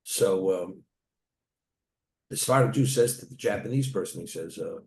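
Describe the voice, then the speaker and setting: A rabbi teaches a Torah class in an echoey room, telling stories and weaving Hebrew terms into plain talk. His voice is on the low side, with vocal fry, at normal speed.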